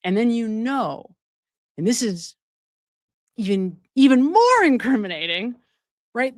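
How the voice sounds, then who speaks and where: A woman hosting a true-crime commentary stream, her fairly high voice swinging widely in pitch as she presses her points. She keeps turning to viewers with rhetorical questions, and the sound is close and dry. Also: dry recording. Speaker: show host.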